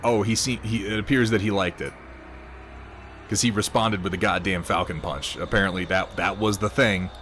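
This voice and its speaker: A man's voice: low-pitched, steady tone, moderate pace, a bit bright, soft background music. A man chatting casually on a live stream while painting miniatures, rambling, reading viewers' messages aloud and swearing offhandedly.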